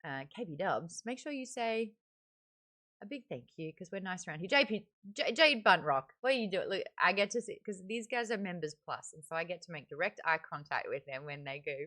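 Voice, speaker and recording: Animated and a little fast, an Australian woman's lowish, pushed, bright voice carries her live-stream book club. She chats in a casual way and reads viewer comments aloud into the desk mic beside her webcam.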